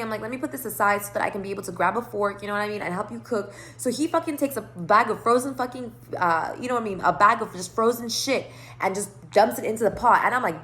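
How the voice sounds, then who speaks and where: A woman's voice: on the high side, quick pace. A woman telling a long, rambling personal story to camera, swearing freely and acting out both sides of the conversation. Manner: rambling, profane, animated retelling. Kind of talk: casual storytime monologue.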